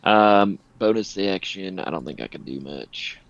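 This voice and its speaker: A man's voice: deep voice, animated, a little slow, dry recording, lo-fi sound. A man playing a tabletop game, thinking aloud and hesitating while he works out his turn. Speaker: player. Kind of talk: casual tabletop game chat.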